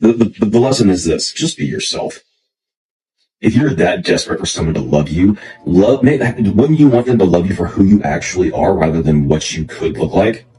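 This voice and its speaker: A man's voice: low voice, lively intonation, a little fast, hardly any pauses, low-quality recording. A man ranting to camera in a blunt, intense way, swearing heavily. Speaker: dating content creator. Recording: clip with loud background music.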